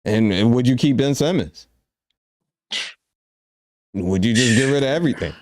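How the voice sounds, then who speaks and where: A man co-hosting a sports talk podcast, giving his take in a measured way and thinking aloud. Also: mid-range voice, animated, darkish tone. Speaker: podcast co-host. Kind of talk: casual sports debate.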